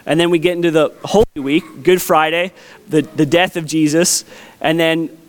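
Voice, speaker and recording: A man's voice: a little high, steady tone, moderate pace, smooth. A man in his thirties, a pastor preaching a conversational sermon with a folksy, storytelling manner. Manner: folksy, storytelling with family anecdotes.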